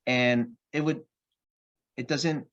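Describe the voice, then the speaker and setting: A man's voice: medium pitch, takes it slowly. Man telling a family story, lo-fi. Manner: animated anecdote-telling with restarts. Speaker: podcast guest. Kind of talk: casual storytelling.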